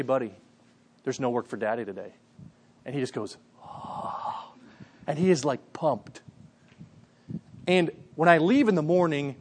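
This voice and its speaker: A man in his thirties preaching a sermon, earnest and conversational, often addressing the congregation as "guys" and dropping to soft, hushed tones when telling a story. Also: on the high side. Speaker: pastor.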